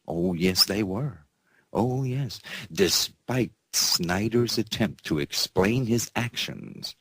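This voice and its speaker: A slow, husky-voiced man hosts a sarcastic alternative news roundup, his low pitch swooping up with mocking glee. He reads headlines in a folksy, mocking way, laughing at the stories. The recording is close and dry. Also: no room sound. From United States. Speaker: news show host.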